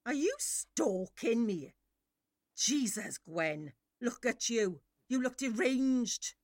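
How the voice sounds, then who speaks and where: A woman's voice: fairly high pitch, sing-song, slow, dry recording, studio quality. A woman playing a furious grieving mother. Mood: enraged. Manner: shouting, tearful accusations. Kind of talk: audio drama acting.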